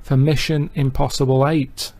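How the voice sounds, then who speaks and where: A man casually telling a rambling story on a comedy podcast, slipping into quick character voices. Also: medium pitch, level tone, darkish tone. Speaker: podcast co-host pitching a story. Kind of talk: casual banter, acting out scenes.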